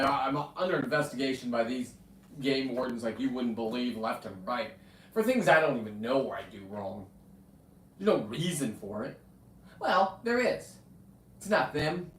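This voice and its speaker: A man's voice: mid-range voice, far from the mic, slight background noise. A man hosting a rambling livestream, brash and profane, chatting with viewers and talking to his dog. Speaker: livestream host. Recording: echoey room, off-mic.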